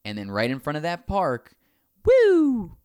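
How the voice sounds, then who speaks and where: In a dry, clean studio recording, a man with a clean-toned, mid-range voice speaks a little fast. He's animated while casually telling a long story, performing the quoted dialogue of the people in it.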